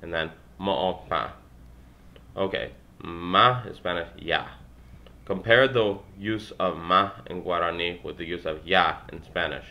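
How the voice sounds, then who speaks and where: A man's voice: deep voice, measured pace, pushed and bright. A young man whose native tongue is English, reading textbook exercises aloud and answering them, with wry asides. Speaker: language learner working through a textbook. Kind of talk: self-recorded study session, reading exercises aloud.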